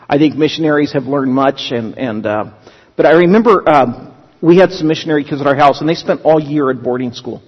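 A male pastor preaching a sermon in a conversational teaching manner, with humorous asides. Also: a little high. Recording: dull lo-fi sound with long hall reverb.

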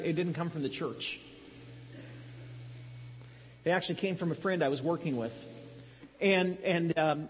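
High-voiced husky pastor in a hall. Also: male voice. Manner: conversational storytelling with dry humor. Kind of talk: sermon. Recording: dull lo-fi sound in a large hall.

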